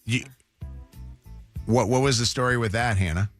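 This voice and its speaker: A man's voice: mid-range voice, normal speed, soft background music. A man hosting a morning radio call-in segment, casual and probing. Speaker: radio host.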